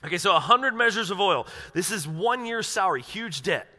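A man's voice: sits high, animated, brisk, bright, forceful tone. A male pastor preaching a sermon in a casual, conversational way, acting out inner monologues. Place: church sanctuary. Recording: long reverb of a large hall.

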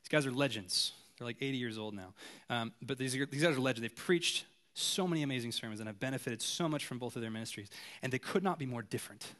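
A pastor, a man, preaching a sermon in a casual, animated, conversational way. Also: medium pitch, quick pace.

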